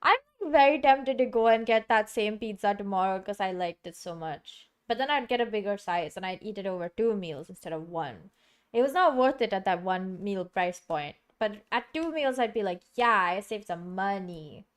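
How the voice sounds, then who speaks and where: A woman's voice: medium pitch, animated, normal speed, clear, resonant tone. A woman streaming from home, chatting casually and rambling with many fillers and restarts. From Singapore. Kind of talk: casual live-stream chat.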